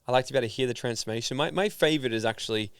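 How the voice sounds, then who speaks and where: An Australian man telling stories in a casual interview, animated and full of fillers. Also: medium pitch, rapid-fire, smooth, dry recording, studio quality. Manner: animated storyteller, filler-heavy. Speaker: podcast guest, founder and speaker.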